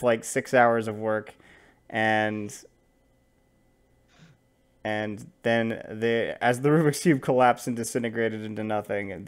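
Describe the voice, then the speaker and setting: A man narrating as game master of a tabletop game, relaxed and rambling, with frequent fillers. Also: mid-range voice.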